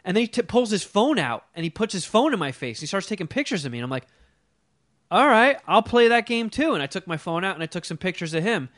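Man with a high voice, casual profane storytelling, animated impressions, dry studio sound. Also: racing, hardly any pauses, dry recording. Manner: animated, profane, mimics people in his story.

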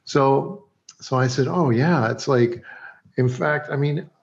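A man, a TV director, telling a story from a film set in a relaxed way, acting out both sides of the dialogue and laughing often. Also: mid-range voice, slow pace, gravelly, lo-fi sound. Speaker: TV director, guest.

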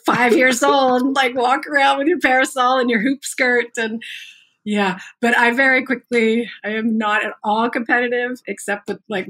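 Bright-voiced Southern woman, laughing storyteller. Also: a little high. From North Carolina, US. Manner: animated, laughs often, warm storytelling. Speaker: guest. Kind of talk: casual chat.

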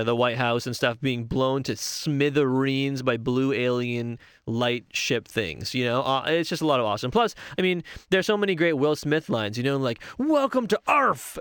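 A man's voice: medium pitch, a bit bright, clean tone, no room sound, studio quality. A young man chatting casually and enthusiastically on his own, rambling and correcting himself as he goes. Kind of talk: casual solo talk about favorite movies.

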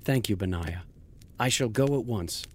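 An actor playing a young, newly crowned king who speaks in a quiet, measured way in an audio drama. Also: lowish voice, husky.

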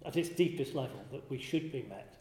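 A man giving a contemplative spiritual talk, speaking slowly and reflectively, often pausing and restarting his phrases. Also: mid-range voice, animated, warm tone. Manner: slow and reflective, with frequent restarts and pauses. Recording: roomy hall with long reverb.

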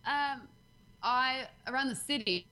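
Chatty woman podcast guest, bright clear tone, frequent laughs, headset mic. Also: high-pitched, measured pace. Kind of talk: casual chat.

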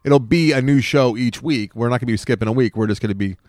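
A man's voice: mid-range voice, fast talker, darkish tone. A man co-hosting a podcast in casual chat, rambling and filling his talk with "like". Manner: rambling, heavy on filler words. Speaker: podcast co-host.

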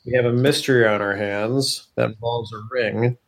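A man's voice: mid-range voice, fairly even intonation, normal speed, gravelly. A man playing a tabletop game, thinking aloud casually about what to do next. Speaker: player.

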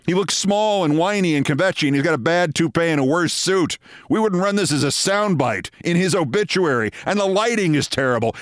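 A man's voice: medium pitch, lively intonation, a little fast, dry recording, studio quality. A man hosting a show and delivering a sardonic, theatrical commentary monologue. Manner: sardonic, dryly theatrical storytelling. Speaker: host.

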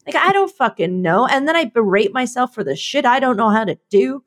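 A woman talking casually on a podcast in a rambling, self-mocking way. Her voice sits fairly high and swings widely in pitch as she acts out her own thoughts. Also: big pitch swings, a little fast, a bit bright. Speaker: podcast co-host. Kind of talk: casual chat.

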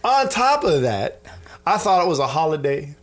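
A man in his thirties co-hosting a casual faith podcast, animated and laughing as he acts out scenes from his day. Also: a little high, moderate pace. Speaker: podcast co-host. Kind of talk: casual Christian podcast chat.

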